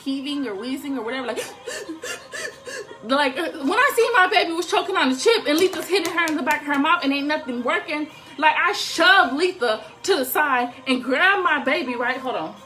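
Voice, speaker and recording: A young woman telling a profane, animated story to the camera at home, laughing as she goes. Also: sits high, fairly quick, few pauses.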